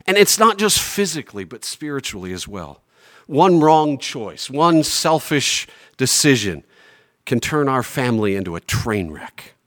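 A man preaching a sermon as pastor, stressing key phrases slowly and swinging between loud declarations and quiet asides. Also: on the high side. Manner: emphatic, slows down on key phrases.

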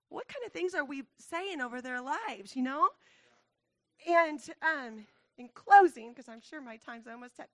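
A woman's voice: high voice, fairly bright tone, dry recording. A woman giving an earnest talk to a church congregation, laughing often and growing tearful at times. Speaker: church speaker.

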